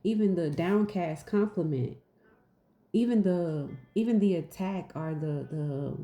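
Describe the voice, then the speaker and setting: Woman, deep and warm, casual spiritual teacher, emphatic and repetitive, a bit goofy, roomy echo. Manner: repetitive, emphatic, asks "right?"; goofy and laughing at herself.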